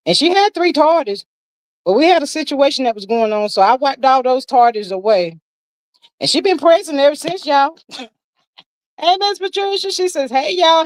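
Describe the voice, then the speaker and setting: A woman's voice: high voice, no room sound, rough recording. Chatty woman hosting a livestream. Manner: chatty, greets viewers by name, Southern American slang. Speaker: livestream host. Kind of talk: casual livestream chat, reading comments aloud.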